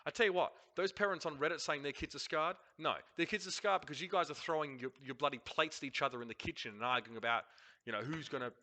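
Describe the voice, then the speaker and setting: A man's voice: on the high side, fast talker, sharp tone. A man with an Australian accent, hosting a casual review of a match broadcast, talking bluntly and swearing freely as he rants. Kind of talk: casual commentary over a replay.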